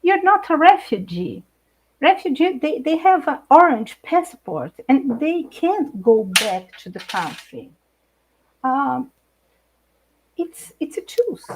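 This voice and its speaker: A middle-aged Brazilian woman speaking English with a Brazilian Portuguese accent, an animated guest in a live video chat who laughs often and searches for words. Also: high voice, slow pace, slight background noise, poor audio. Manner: animated, laughs often, hesitant non-native phrasing. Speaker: guest speaker, intercultural trainer.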